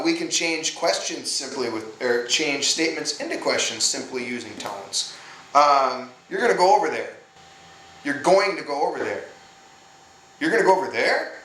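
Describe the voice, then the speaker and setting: Male video host, casual and jokey, with a bright, lively voice, in an echoey room with faint noise behind. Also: a little high. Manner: animated, chatty, full of fillers and jokes. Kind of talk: casual explainer to camera.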